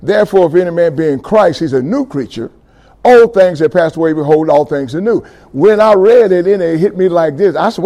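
A middle-aged man giving a fervent testimony sermon, calling out to his audience and building to loud passages. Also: high voice, brisk. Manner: call-and-response with audience, rising fervor.

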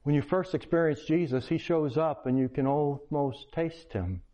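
A man's voice: fairly high pitch, moderate pace. Earnest older male preacher, lo-fi. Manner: earnest, pleading preaching with storytelling. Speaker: pastor. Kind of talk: sermon. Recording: dull lo-fi recording.

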